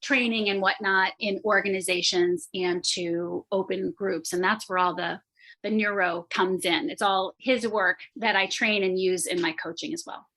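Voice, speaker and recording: A woman coach and former psychotherapist answering interview questions articulately and quickly. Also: mid-range voice, fairly even intonation, pushed and bright, low-quality recording.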